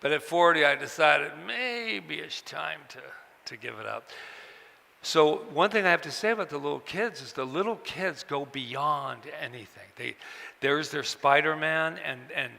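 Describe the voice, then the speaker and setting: A man telling personal stories to an audience at a book event, halting and repeating words, acting out the voices of people he quotes. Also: fairly high pitch, animated, vocal fry, pushed and bright. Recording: long hall reverb.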